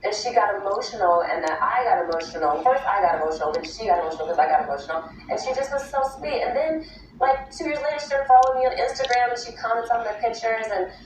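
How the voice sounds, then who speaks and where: Animated woman telling stories in a studio. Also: fairly high pitch, fast talker, roomy sound, far from the mic, slight background noise, rough recording. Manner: animated, laughing, acts out quoted dialogue. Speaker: actress guest. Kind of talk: casual talk-show storytelling.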